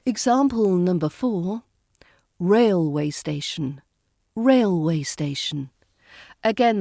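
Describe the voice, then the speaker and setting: A woman with an RP British accent teaching pronunciation. She says each example slowly and deliberately and repeats every word. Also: medium pitch, mellow, no room sound, studio quality. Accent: southern British English, RP. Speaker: accent coach. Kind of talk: pronunciation lesson.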